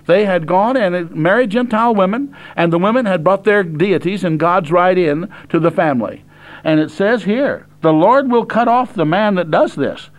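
Older man preaching, high plain-spoken voice. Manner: plain-spoken, reads verses slowly then explains. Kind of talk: sermon reading and explaining scripture.

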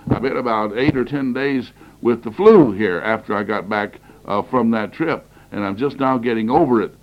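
Heard in lo-fi sound, a man of medium pitch speaks at a moderate pace. Still recovering from flu and coughing from time to time, he lectures earnestly on Bible prophecy, stressing ideas through repeated phrases, on a cassette recording.

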